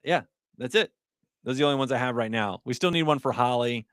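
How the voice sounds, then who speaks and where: A middle-aged man hosts his livestream in a relaxed, talkative way, reading viewers' comments and laughing easily. His voice sits at an ordinary pitch for a man. It is recorded close and dry, with no room echo. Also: fast talker. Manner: chatty, reads chat aloud, laughs often. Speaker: livestream host, ER nurse. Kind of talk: casual livestream chat.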